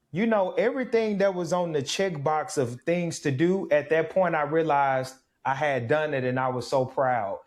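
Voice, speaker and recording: A man in his thirties from Mississippi, a guest in an interview, telling his story with reflective, animated energy. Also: on the high side. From Mississippi, USA. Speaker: guest, former pro football player.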